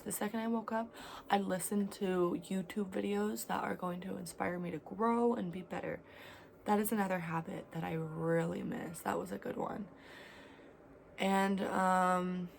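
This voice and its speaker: A woman in her twenties talking in a candid, rambling vlog about her life, swinging between loud and quiet. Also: lowish voice, creaky, slight background noise. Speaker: vlogger. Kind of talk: casual confessional vlog.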